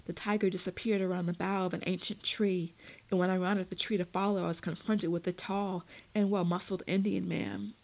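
A woman reading a first-person story aloud in a measured, steady storytelling manner. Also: on the low side, gravelly, poor audio. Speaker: narrator. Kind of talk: first-person audiobook narration.

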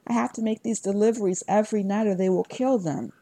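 A woman's voice: medium pitch, quick pace, warm tone, close to an everyday voice. A woman reading a storybook voicing a frightened, stammering skinny goth teenage boy. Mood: nervous.

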